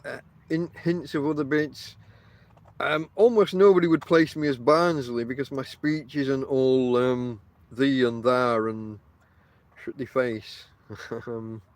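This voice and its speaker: A middle-aged northern English man whose accent blends Yorkshire and Lancashire talks in a slightly high voice, meandering through his story with fillers and restarts. He speaks right into the mic outdoors, with a dry, close sound and no room around him. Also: dry recording. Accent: northern English, mixed Yorkshire and Lancashire. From England. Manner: meandering, chatty, many ums and restarts, addresses listeners directly. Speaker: podcast host. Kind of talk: casual rambling monologue to listeners. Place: outdoors on the coast.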